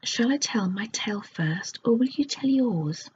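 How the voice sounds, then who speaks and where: A cheerful, curious young boy, voiced by a woman, in a soft whispered role-play, slow and gentle. The sound is dull and lo-fi with a faint hiss beneath. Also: a little high, animated. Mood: delighted.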